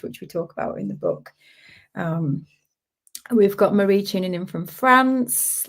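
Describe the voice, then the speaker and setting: A woman who founded an art community hosts a casual livestream, reading viewer comments aloud, laughing often, and greeting people by name. Her voice is fairly high-pitched, gravelly, and darkish in tone.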